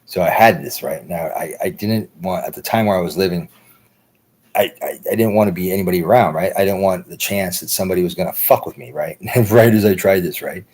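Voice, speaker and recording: Deep husky American man rambling. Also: a little fast, darkish tone. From United States. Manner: loose, profane, repeats "right?". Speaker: livestream host. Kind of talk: rambling casual monologue.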